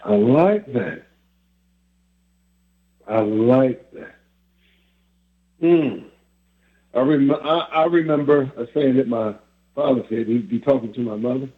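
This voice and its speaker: A man's voice: mid-range voice, slow pace, long pauses. A man hosting a casual chat, reflecting on family sayings and chuckling between thoughts. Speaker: host. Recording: phone-like line.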